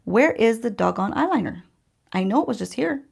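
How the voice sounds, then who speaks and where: A woman's voice: fairly high pitch, animated, brisk, creaky, darkish tone, breathy edge. A woman beauty vlogger chatting casually to her viewers while she does her makeup, asking them questions as she tells a story. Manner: chatty, addresses viewers directly, rhetorical questions. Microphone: handheld-range mic while holding a mirror.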